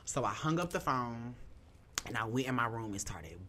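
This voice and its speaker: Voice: medium pitch, animated, moderate pace, a bit bright, a little hiss or hum. A young adult podcast host telling a personal story, candid, emphatic and profane, heavy on fillers, emotional and holding back tears.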